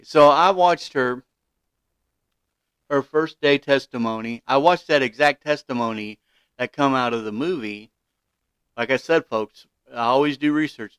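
Male podcast host, opinionated commentary, smooth voice, indignant with stumbling restarts. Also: a little high, dry recording. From Kentucky, USA.

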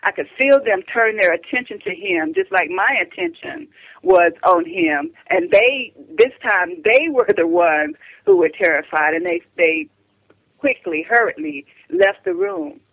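An older woman speaks as a phone-in guest, earnest and halting, often breaking off to restart a sentence. The line sounds dull and narrow, with a flat, dry quality and no room around her. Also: mid-range voice, no room sound. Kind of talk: phone-in radio interview. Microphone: telephone.

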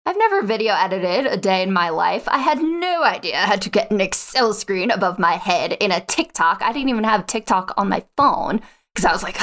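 A young adult woman guest on an interview show, telling her story in a chatty, lively way and filling it with "like.". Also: mid-range voice, moderate pace. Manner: chatty, lively, acts out quotes, says "like" a lot. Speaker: podcast guest, online spreadsheet teacher. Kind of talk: animated personal storytelling.

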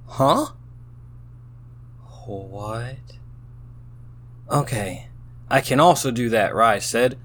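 A man's voice: medium pitch, measured pace, fairly bright tone. A tipsy man reads an AI-written story aloud, breaking off into baffled exclamations. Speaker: host reading out an AI-written story. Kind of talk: casual reading aloud with running commentary.

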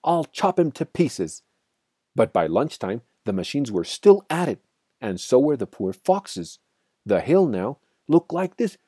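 Expressive man reading a storybook. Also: mid-range voice, measured pace, slightly rough, no echo. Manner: expressive, dramatic.

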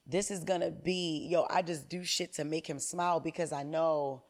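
Gravelly-voiced woman in her 30s, fired up and swearing a lot, podcast guest. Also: low-pitched, normal speed. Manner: animated, profane storytelling. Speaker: comedian guest. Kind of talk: candid podcast conversation.

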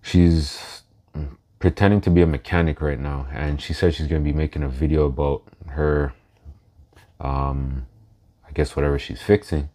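Man, very low voice, podcast host, unhurried, pauses often, heartfelt. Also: little pitch movement, mellow. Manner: slow and reflective, pauses to gather thoughts; emotional, laughs through his words. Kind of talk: casual solo podcast talk.

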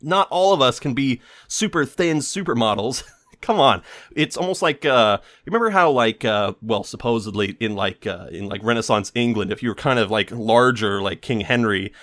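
A podcast host with a medium-pitched, somewhat bright voice delivers a rambling, sarcastic critique packed with fillers. He talks at a normal speed and sounds expressive in this casual monologue.

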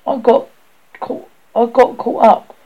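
A man voicing a plump, asthmatic schoolboy who is anxious and eager to please, with a raised boyish pitch and plain working-class speech, in a storybook reading. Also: level tone, slow, heavily acted. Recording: dull lo-fi recording.

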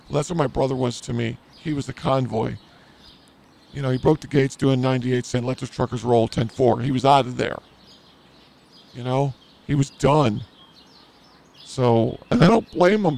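A man's voice: medium pitch, gravelly, darkish tone. A man hosting a podcast, telling a crude story in a rambling, self-mocking comedic way. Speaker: podcast host.

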